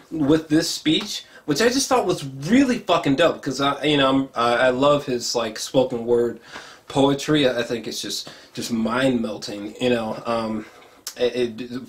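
A man giving a casual, profane reaction review, excitable and full of restarts, sometimes jumping into high excited exclamations. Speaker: YouTube trailer reviewer.

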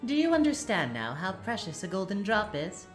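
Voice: mid-range voice, wildly swooping pitch, moderate pace, pitched above the performer's own voice. A reader voicing a cruel, theatrical adult female witch who taunts and gloats grandly, with music behind. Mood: imperious.

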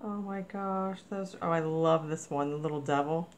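A woman's voice: sits low, normal speed, a little hiss or hum. A woman narrating a craft mail unboxing in a casual, gushing way, exclaiming often over each item. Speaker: crafting vlogger.

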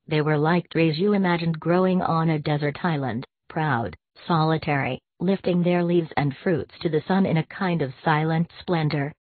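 A woman giving a measured, expressive audiobook reading of a classic short story. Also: low-pitched, no echo. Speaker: audiobook narrator. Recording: tinny, dry, phone-like sound.

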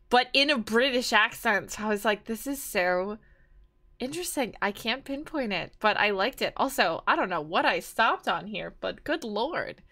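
A woman hosting a reaction video, chatting casually and enthusiastically with frequent excited exclamations. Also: a little high. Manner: enthusiastic, exclaims "ooh" often.

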